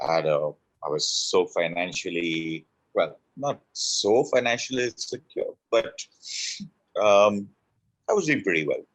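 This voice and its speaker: A man's voice: low-pitched, unhurried, no echo, poor audio. A middle-aged man telling his personal story as an interview guest, heartfelt and repeating phrases for emphasis.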